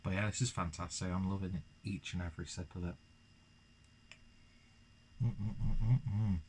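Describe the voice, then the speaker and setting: A man's voice: low-pitched, fairly even intonation, moderate pace, a little mellow, a little hiss or hum. A young man chatting through a beer review, rambling and self-deprecating, with lots of fillers. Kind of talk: casual beer review vlog.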